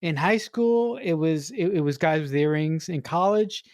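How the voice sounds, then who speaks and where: A woman's voice: low-pitched, moderate pace, darkish tone, no echo, studio quality. A woman co-hosting a movie podcast who is also a writer, talking enthusiastically and repeating words as she gathers her thoughts. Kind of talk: casual movie review chat.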